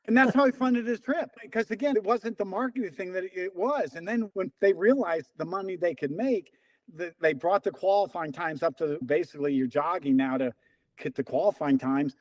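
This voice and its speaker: A man of about seventy with a high voice, a former runner, is a guest in a casual interview, telling stories at a fairly quick clip and animatedly acting out what the people in them said. The recording is dry and rough.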